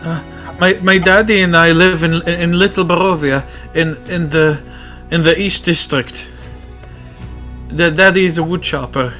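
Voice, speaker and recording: A man's voice: fairly even intonation, unhurried, bright, forceful tone, soft background music. A man voicing a frightened little girl who stammers and pleads. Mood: frightened, stammering. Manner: high, stammering, pleading child voice.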